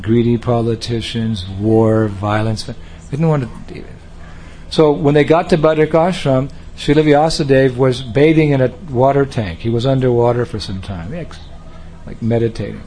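A monk giving a humorous sermon, telling a story playfully and laughing often. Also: male voice, mid-range voice, moderate pace, warm tone, a little hiss or hum. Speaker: monk lecturer.

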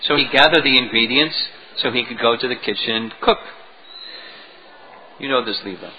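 A man lecturing as a spiritual teacher, retelling a devotional story in an animated way, on a dull lo-fi recording. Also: mid-range voice, normal speed, a little hiss or hum. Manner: animated storytelling, chuckling at moments.

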